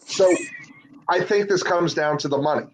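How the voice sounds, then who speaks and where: A man's voice: on the high side, moderate pace, a little hiss or hum, low-quality recording. A man co-hosting a casual podcast, talking bluntly and profanely, a little worn out from talking all day. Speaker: podcast co-host, lawyer. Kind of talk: casual opinionated chat.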